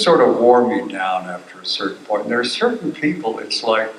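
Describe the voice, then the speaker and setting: A man's voice: fairly low pitch, big pitch swings, brisk, a little hiss or hum. An older man, a voice actor guest at a convention panel, telling wry stories and acting out quotes. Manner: wry storyteller who acts out quotes. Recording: roomy hall, voice from a distance.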